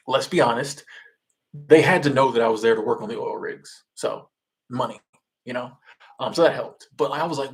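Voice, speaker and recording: A man's voice: medium pitch, brisk. A man from Florida, hosting a casual livestream and answering chat in a loose, rambling way full of restarts.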